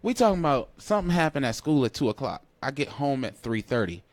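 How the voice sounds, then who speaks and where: A man, co-hosting a podcast in casual chat, animated and laughing as he acts out quotes. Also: medium pitch, fast talker, no room sound. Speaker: podcast co-host.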